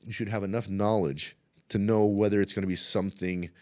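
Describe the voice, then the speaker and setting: A man's voice: lowish voice, fairly quick. A man, a martial arts instructor, telling stories in a casual interview and acting out the voices of the people in them. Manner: animated, acts out quotes in his stories.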